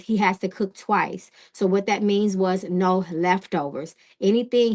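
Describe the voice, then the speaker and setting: A woman with a mid-range, slightly mellow voice hosts a live-stream tarot reading, speaking directly and casually. She frequently checks in with "okay?" and says hello to viewers in the chat.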